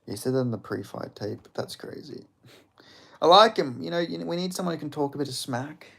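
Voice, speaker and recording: A young man runs a fight watch-along stream, talking with viewers in a casual way. His voice is on the high side, expressive, a little fast, creaky and fairly bright. He swears often, jokes with chat and laughs a lot.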